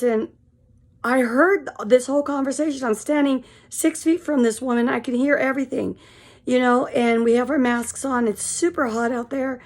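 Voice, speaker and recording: Tired woman in her 50s rambling through a story, lots of ums, voice a bit on the high side. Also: moderate pace, a little mellow. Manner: frank and rambling, full of fillers. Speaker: vlogger. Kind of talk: casual storytelling monologue.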